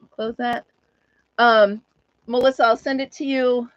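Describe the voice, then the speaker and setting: A woman's voice: a little high, dry recording. Chatty woman on a muffled home stream. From United States. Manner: chatty, laughs often, talks to viewers and her dog. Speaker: host of a live chat stream. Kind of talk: casual live-stream chat.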